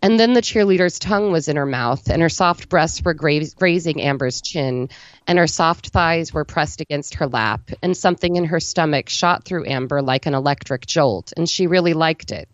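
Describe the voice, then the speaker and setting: A woman reads a literary story aloud in a low voice, steady and matter-of-fact without flinching. The recording sounds dry and a little dull, as if from a lo-fi mic with no room in it. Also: moderate pace, dry recording. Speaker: story reader.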